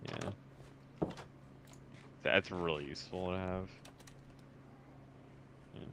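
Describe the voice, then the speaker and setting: A man's voice: sits low, big pitch swings, extremely slow, creaky, fairly bright tone, a little hiss or hum, poor audio. A man chatting casually while playing a video game, explaining things patiently and matter-of-factly. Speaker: co-player.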